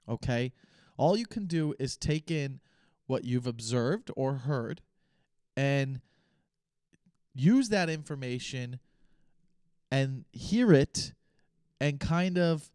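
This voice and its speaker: A young man hosting his own podcast, thinking aloud in a rambling, unscripted way with pauses and restarts. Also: medium pitch, a little mellow, smooth, no echo, studio quality. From United States. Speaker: podcast host. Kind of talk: casual solo podcast talk.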